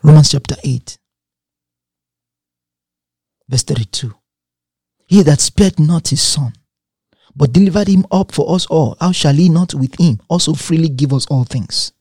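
A man preaches an emphatic sermon, stacking repeated phrases and reading scripture aloud. His voice sits a little high for a man and has a husky grain. The recording is dry and close, with little room sound. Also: normal speed, dark tone, no echo.

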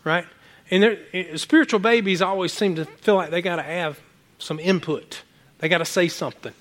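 A man preaching a sermon, telling animated stories from home with many restarts and asides to the congregation. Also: sits high, moderate pace. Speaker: pastor.

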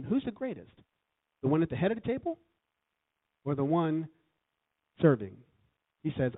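A man preaching as a guest in a church, calling for responses from the congregation. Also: a little high. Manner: lively, calls for congregation responses. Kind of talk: sermon. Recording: tinny phone-like sound.

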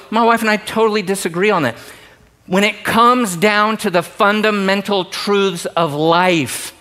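A middle-aged male pastor preaching a sermon in an animated, joking way, swinging from loud emphasis to hushed asides. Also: sits high, unhurried.

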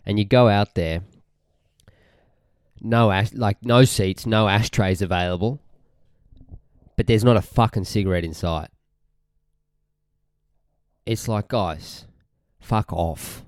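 A young Australian man hosts his own podcast, ranting in a rambling, swearing, easily irritated way. His voice sits very low and sounds smooth and resonant. The recording is close and dry, with no room sound. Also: unhurried, pauses often, darkish tone, no echo. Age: young adult. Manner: rambling, irritated, sweary, often trails off mid-sentence. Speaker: podcast host. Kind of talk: casual ranting monologue.

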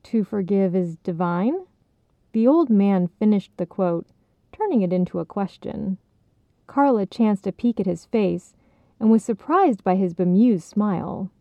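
Calm woman narrator, tinny sound. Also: medium pitch, measured pace, no echo. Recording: dry, tinny phone-like sound.

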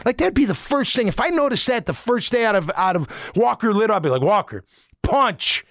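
A man's voice: sits high, big pitch swings, quick pace, no echo, studio quality. A middle-aged man and former football player hosting a casual sports talk podcast, talking in an emphatic, rambling, fired-up way.

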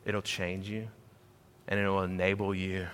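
A man preaching a sermon in a big reverberant hall. His voice is bright and forceful. He climbs to loud, high emphasis, then drops low and quiet, and repeats phrases to hammer them in. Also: completely flat delivery, measured pace, a little hiss or hum. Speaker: pastor.

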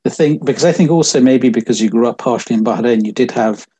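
Mellow, husky-voiced male interviewer. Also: medium pitch, quick pace. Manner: thoughtful, rambling questions with ums. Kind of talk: casual interview chat.

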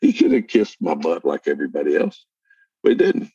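A man's voice: rumbling low, wildly swooping pitch, fairly quick, mellow, husky, no room sound. An older man telling a story in plain, earnest words as a podcast guest. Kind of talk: casual storytelling chat. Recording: muffled distant lo-fi audio.

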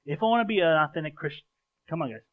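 A man's voice: a little high, expressive, rapid-fire, phone-quality sound. A man preaching a sermon in an earnest, conversational way, often repeating words as he restarts his sentences. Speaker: pastor. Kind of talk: sermon with a live stage illustration.

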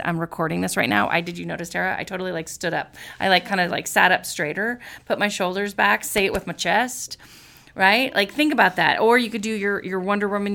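Gravelly-voiced upbeat woman podcast host. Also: mid-range voice, fairly bright tone. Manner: upbeat, giggly, encouraging. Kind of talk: casual motivational podcast chat.

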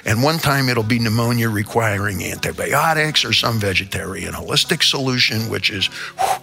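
A man's voice: mid-range voice, sharp tone. An older man from the American Midwest hosting a show, telling a rambling, theatrical comic rant. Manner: theatrical, rambling storyteller with sudden asides. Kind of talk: comedic rant monologue.

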